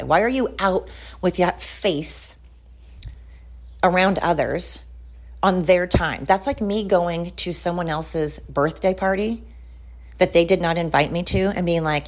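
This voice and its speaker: Low-voiced woman ranting bluntly. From United States. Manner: heated and blunt, swearing often. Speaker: podcast host. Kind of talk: casual ranting monologue.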